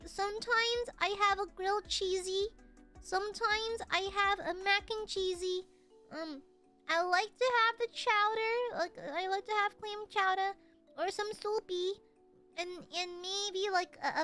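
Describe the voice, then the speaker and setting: A woman streamer chatting casually and thanking viewers for super chats, playful and prone to sudden shouting. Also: very high-pitched. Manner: playful, bursts into shouts and laughter.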